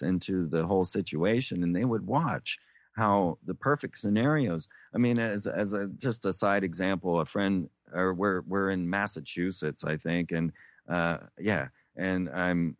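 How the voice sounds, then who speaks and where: Low-voiced man telling rambling stories. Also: dry recording. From United States. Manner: meandering, many restarts and fillers, acts out quoted voices. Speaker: interview guest. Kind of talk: rambling storytelling.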